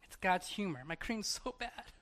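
A pastor giving a personal testimony from the pulpit, with a bright, clear tone. The delivery is conversational. It often sinks to an intimate hush, then lifts into louder, laughing asides. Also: mid-range voice, expressive, normal speed.

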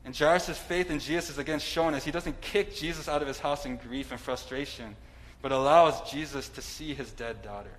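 A man's voice: medium pitch, fairly quick, poor audio. A man preaching a sermon in a conversational way, with asides and some humor.

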